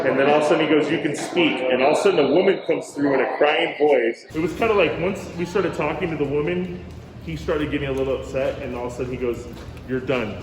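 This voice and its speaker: Slightly high in pitch, a man who manages a hotel spins a ghost story in relaxed conversation, performing the quotes with animation and calling people "bro" and "dude." It sounds like an echoey room, and the recording is very noisy.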